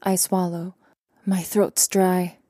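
Young woman reading a story out loud, warm mellow voice, dry close sound, calm and even. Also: fairly low pitch, slow pace, dry recording. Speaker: audiobook narrator. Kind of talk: first-person audiobook narration.

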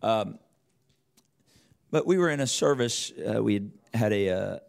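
A man's voice: lively intonation, a little slow, gravelly, darkish tone. Middle-aged male preacher, rambling sermon. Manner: rambling, restarts, rises in pitch and volume as the story builds. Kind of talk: sermon storytelling.

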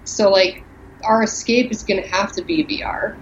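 A woman guest in casual chat, talking in an animated, talkative way over an internet call. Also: medium pitch, normal speed, slight background noise. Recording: muffled lo-fi call line.

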